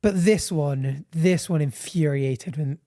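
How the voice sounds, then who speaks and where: A man co-hosting a podcast in a playful, casual chat, now and then rattling off his words quickly. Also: a little high, mellow, no room sound, clean studio sound. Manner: playful, bursts into quick rambling. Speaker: podcast co-host.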